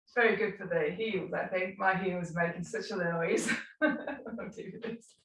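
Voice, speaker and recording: A woman teaching a live tai chi class, calmly cueing slow movements with unhurried asides. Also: fairly low pitch, a little hiss or hum. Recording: echoey room, mic at a distance.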